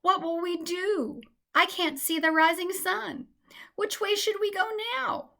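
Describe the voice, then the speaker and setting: A woman's voice: very high voice, fairly even intonation, unhurried, gravelly, bright, forceful tone, voice pushed up, heavily acted. A woman voicing a sweet young female mouse who is homesick and often tearful, with pleading cries. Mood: distressed.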